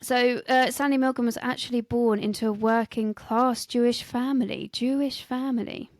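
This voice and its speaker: Her voice a little high and fairly even in intonation, this British history podcast co-host keeps a moderate pace. She's chatty and giggly, mixing casual talk with scripted bits, and the recording is dry.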